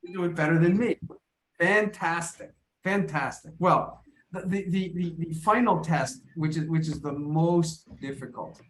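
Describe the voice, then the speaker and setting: A man coaches an English class over a video call, encouraging and quick to repeat his words. His voice sits on the higher side for a man. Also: fairly bright tone. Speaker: English teacher.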